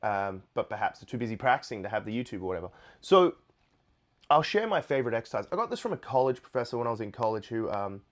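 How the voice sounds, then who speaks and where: A man's voice: mid-range voice, fast talker. Laid-back man telling a guitar story. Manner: relaxed, rambling, with frequent fillers. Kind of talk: casual storytelling to camera. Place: Nashville. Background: guitar playing.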